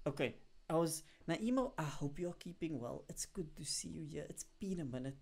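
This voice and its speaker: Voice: medium pitch, normal speed. Rambling streamer chatting to viewers. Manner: rambling, heavy on fillers like "like" and "yo"; animated bursts when greeting viewers. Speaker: live streamer talking to chat. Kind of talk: casual chat to a live stream audience.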